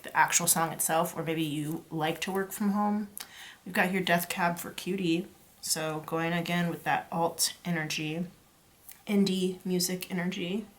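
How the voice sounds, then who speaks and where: A woman giving a casual pick-a-card tarot reading, talking to her viewers in a chatty, playful way and jumping from one loose association to the next. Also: lowish voice. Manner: free-associating, chatty and playful, addresses viewers as "you guys". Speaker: tarot reader.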